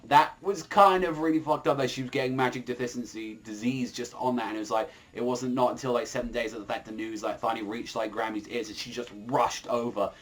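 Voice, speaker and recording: Male manga reviewer, mid-pitched, loose filler-heavy delivery with frequent cursing. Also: fairly even intonation, quick pace, few pauses. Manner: rambling, filler-heavy, swears freely.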